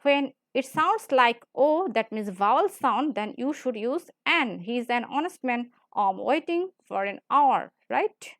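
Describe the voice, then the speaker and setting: A woman's voice: a little high, animated, no room sound, clean studio sound. A woman teaching grammar in a classroom lecture style. She repeats points and often checks in with "right?". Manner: repetitive, explains slowly with frequent "right?".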